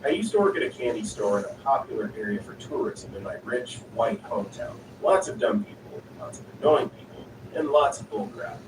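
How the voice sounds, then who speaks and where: A man reading online stories aloud in an even, unhurried narrating style. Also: fairly low pitch. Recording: echoey, distant voice with noisy ambience.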